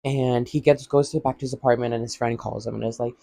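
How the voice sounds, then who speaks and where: A man's voice: mid-range voice, steady tone, quick pace, vocal fry, hardly any pauses, dark tone, no room sound. A man casually recapping a TV episode in a vlog, rambling with lots of "like" and acting out what characters say. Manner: rambling, heavy use of "like", acts out quotes. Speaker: vlogger.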